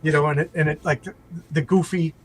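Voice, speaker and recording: Rambling, animated man recounting a show. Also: fairly high pitch, quick pace, slightly rough, rough recording. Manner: rambling, animated retelling with many restarts and acted-out quotes. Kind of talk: casual chat. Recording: faint background noise.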